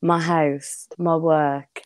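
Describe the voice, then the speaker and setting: A woman's voice: low voice, little pitch movement, very slow, darkish tone, no echo. Chatty West Midlands woman on a call. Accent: West Midlands English. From West Midlands, England. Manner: chatty and giggly, toning down her accent. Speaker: caller guest. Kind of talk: casual chat. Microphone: video call.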